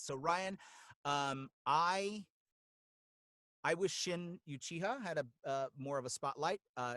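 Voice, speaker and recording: A man, a guest voice actor, chatting in a casual interview, animated and groping for names, slipping into voices mid-sentence. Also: mid-range voice, dry recording.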